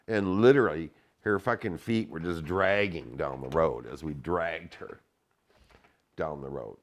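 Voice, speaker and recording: A man telling a story in casual chat, animated and profane, acting out the shouted lines. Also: sits low, normal speed.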